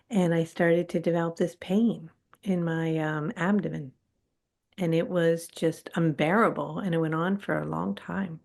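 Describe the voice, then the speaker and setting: A woman's voice: on the low side, fairly even intonation, measured pace, gravelly, a little mellow. A middle-aged woman, a guest on a spiritual talk show, telling her personal story candidly and animatedly, acting out her own past reactions.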